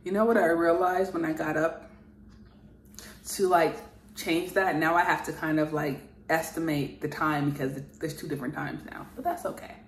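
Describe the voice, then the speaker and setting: A woman's voice: deep voice, steady tone, normal speed, reverberant, slight background noise. A woman speaking as a spiritual channeler in an earnest, repetitive monologue that rambles and is full of fillers.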